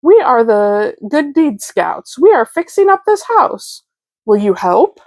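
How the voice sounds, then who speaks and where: A woman's voice: high voice, very animated, slow pace, no room sound, full character voice. A woman voicing Fred, an earnest young boy bear who leads a scout troop, in a storybook read-aloud. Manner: earnest, quotes scripture.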